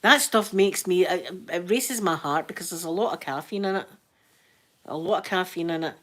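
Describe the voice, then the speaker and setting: A Scottish woman with a slightly bright, lowish voice hosts a casual livestream at an ordinary pace. She chats with her viewers, tells funny stories, laughs a lot and acts out the voices of people she quotes.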